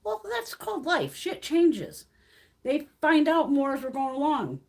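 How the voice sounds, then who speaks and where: A woman's voice: high-pitched, big pitch swings, measured pace. A woman in her fifties hosting a casual beauty livestream, ranting bluntly and profanely and acting out other people's lines. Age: 50s. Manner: acts out others' lines in quoted voices.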